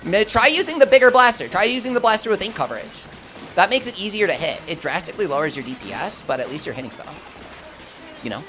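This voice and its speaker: A young man commentating live gameplay and chatting with his viewers, swinging between hype and quick explanations. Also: high voice, big pitch swings, over music. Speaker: gaming streamer.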